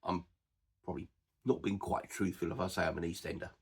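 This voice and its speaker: A man with an Estuary English accent, from the edge of East London and Essex, explaining dialect features in an unhurried way with frequent "uh" and "um". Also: deep voice, fairly even intonation, vocal fry, slightly rough. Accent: Estuary English, Cockney-like. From edge of East London and Essex, England. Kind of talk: informal spoken lesson.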